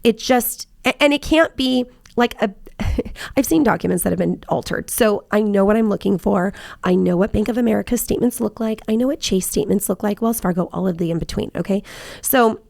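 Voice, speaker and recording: A woman's voice: mid-range voice, a little fast, vocal fry, darkish tone, dry recording, studio quality. A woman realtor telling work stories in casual chat, acting out both sides of her phone calls. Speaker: realtor and podcast host.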